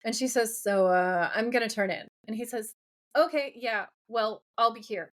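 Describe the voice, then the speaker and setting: At normal speed and in a slightly high voice, a woman recaps a TV episode with her podcast co-host. She keeps the chat casual and animated, acting out the characters' words along the way.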